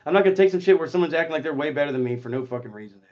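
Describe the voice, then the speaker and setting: A man's voice: fairly high pitch, lively intonation, rapid-fire, lo-fi sound. Profane, combative male streamer. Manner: profane and confrontational, swings between muttering and shouting. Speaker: streamer hosting a voice chat. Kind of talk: heated casual voice chat.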